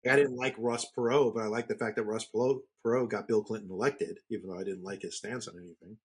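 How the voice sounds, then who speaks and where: A man co-hosting a podcast in casual chat, trading quick, teasing banter. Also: lowish voice, steady tone, slightly rough. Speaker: podcast co-host.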